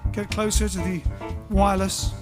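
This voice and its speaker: A man's voice: sits high, little pitch movement, normal speed. Guy hosting a band livestream, cheery and rambly, music going behind him. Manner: cheerful, rambling, self-mocking. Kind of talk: casual livestream chat.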